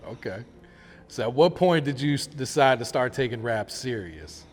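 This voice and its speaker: A man's voice: mid-range voice, expressive. Male host with a mid-range voice keeping questions brief, heard with long hall reverb. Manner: short questions and quick agreement. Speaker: interview host. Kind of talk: casual interview.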